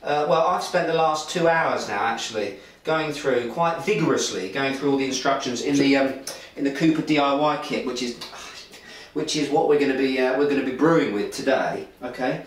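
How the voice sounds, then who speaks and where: A man's voice: mid-range voice, a little fast, a little hiss or hum. A man hosting a beer video from his home kitchen, chatting casually in a jokey, rambling way with lots of restarts. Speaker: beer vlog host. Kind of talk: casual presenting chat. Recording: echoey kitchen, distant mic.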